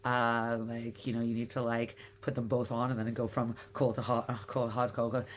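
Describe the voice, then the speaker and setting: A woman's voice: very deep voice, flat delivery, normal speed, slight background noise. A woman in her forties with a Canadian accent, chatting as an interview guest in a rambling way with many fillers and restarts. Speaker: guest, bagel shop founder. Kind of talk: casual interview chat.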